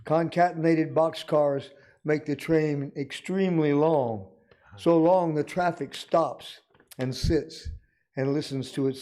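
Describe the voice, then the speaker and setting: An older man from Arkansas, a retired physician, reading his own rhymed poem aloud at a city council meeting in a measured, deliberate way. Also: on the high side, a little mellow. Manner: measured, deliberate recital with dry humor. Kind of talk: slow rhymed poetry reading.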